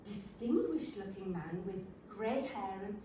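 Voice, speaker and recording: An older woman tells a wry, self-deprecating story on a theatre stage. Her delivery is slow and highly animated, pitched a little high. The sound is distant and echoey, with faint room noise. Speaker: stage actor performing a monologue. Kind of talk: theatrical comic monologue. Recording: roomy theatre, from a distant mic.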